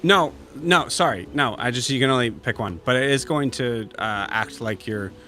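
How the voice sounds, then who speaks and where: A man running a tabletop game as game master, describing items in halting, filler-heavy casual speech. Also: medium pitch, pushed and bright, soft background music.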